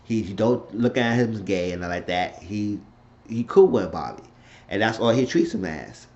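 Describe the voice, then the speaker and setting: A man's voice: on the low side, lively intonation, moderate pace, a little mellow, muffled recording. A man giving a blunt, opinionated, rambling recap of a TV episode in a casual unscripted way. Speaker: TV show reviewer.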